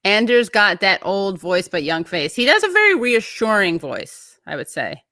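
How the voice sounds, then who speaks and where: Bright, chatty woman hosting a show. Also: mid-range voice, big pitch swings, normal speed, no room sound, studio quality. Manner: chatty, rambling, breaks off mid-thought. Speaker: show host. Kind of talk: casual livestream chat, reading viewer comments.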